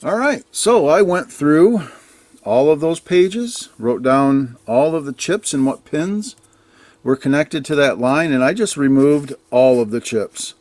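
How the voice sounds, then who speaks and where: A man's voice: a little high, lively intonation, measured pace, a little mellow, no echo. A man working as an arcade repair technician, walking through a repair in a casual, plain way, thinking aloud and poking fun at himself.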